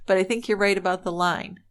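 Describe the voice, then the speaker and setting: A woman's voice: mid-range voice, a bit bright. A woman co-hosting a true-crime podcast, telling the case in an earnest, opinionated way. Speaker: podcast co-host. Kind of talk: casual true-crime storytelling.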